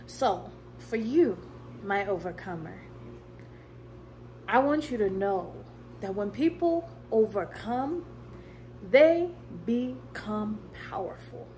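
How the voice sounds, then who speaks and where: A woman giving a fervent motivational faith talk as a Christian coach. She slows down to stress key words and drops in casual asides and little laughs. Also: mid-range voice, expressive, dark tone, slight background noise, low-quality recording.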